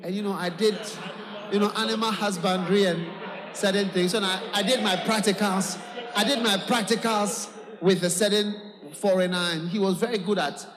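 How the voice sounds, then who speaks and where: A man's voice: high-pitched, fairly even intonation, moderate pace, big-room sound, a crowd in the background, lightly acted. A man doing a rambling boastful prodigal son. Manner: rambling, stammering excuses. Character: boastful young man back home from abroad, evasive.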